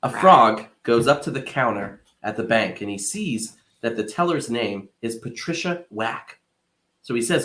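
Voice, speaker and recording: A man with a gravelly, creaky edge to his voice, co-hosting a casual podcast. He tells dad jokes as drawn-out, playful stories. His pitch sits in an ordinary middle range. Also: lively intonation, fairly bright tone. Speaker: podcast co-host.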